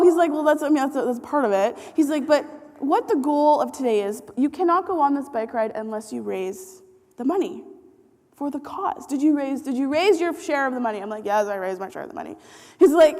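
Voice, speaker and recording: Woman in her 30s, high voice, lively story talk w/ lots of laughs, big echoey hall. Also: brisk. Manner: animated, acts out quotes, laughs often. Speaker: speaker. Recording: hall reverb.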